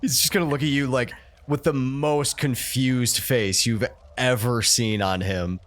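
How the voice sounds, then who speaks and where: A man's voice: medium pitch, steady tone, measured pace, fairly bright tone. A man playing in a tabletop game, terse and blunt. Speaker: player. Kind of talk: tabletop role-play.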